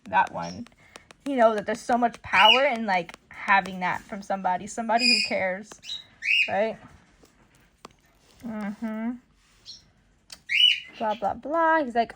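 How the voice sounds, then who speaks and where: A woman giving slangy, animated commentary while reading a comic aloud, on a noisy recording. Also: on the high side, takes it slowly, pauses often. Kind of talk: casual comic read-along commentary.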